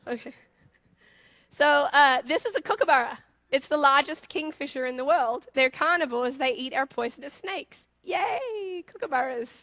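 A young woman with an Australian accent preaching a sermon, asking her congregation lively questions as she goes. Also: sits high, normal speed, no echo.

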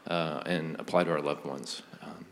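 A man leading a spoken prayer in church, earnest and halting, with many pauses and fillers. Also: extremely low pitch, steady tone, a bit bright, in a large hall, slight background noise. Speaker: congregation member leading prayer.

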